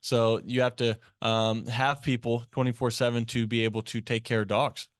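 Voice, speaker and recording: Brief: podcast guest, a man with a mid-pitched voice, plain and steady. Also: moderate pace, dry recording, studio quality. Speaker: guest, dog training business owner. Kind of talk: podcast interview.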